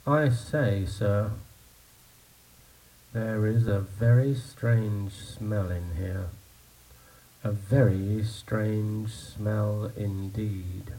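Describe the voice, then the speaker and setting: Male narrator as a jovial pub visitor, keen and talkative; low, warm voice. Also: fairly even intonation, extremely slow, recorded from a distance, a little hiss or hum, rough recording. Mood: puzzled. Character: hearty male visitor to a village pub, eager and chatty.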